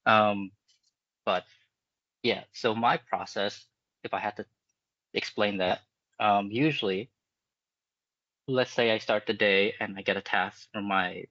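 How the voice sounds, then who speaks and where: Low-voiced man explaining his animation craft. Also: no room sound, highs cut off. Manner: relaxed, explanatory, many fillers and restarts. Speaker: animator guest. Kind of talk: casual interview talk.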